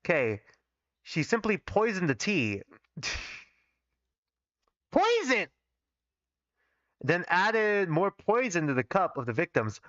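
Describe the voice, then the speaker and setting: A man on a live stream reading his old fan fiction aloud, pausing to criticize his own writing and swearing casually. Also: high voice, very animated, a bit bright, dry recording, lo-fi sound. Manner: self-critical, swears casually, reads every part himself.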